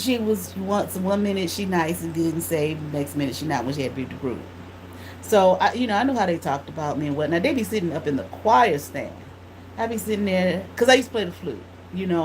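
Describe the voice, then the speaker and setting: A woman tarot reader telling a blunt, animated story in casual speech, swearing freely. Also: on the low side, quick pace, slight background noise, low-quality recording.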